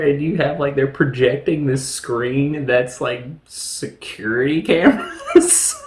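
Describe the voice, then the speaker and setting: A man recapping a film in a loose, rambling way, cracking jokes and laughing at the plot. His voice sits at an ordinary pitch for a man. The room around him is echoey. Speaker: film reviewer. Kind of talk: casual movie recap.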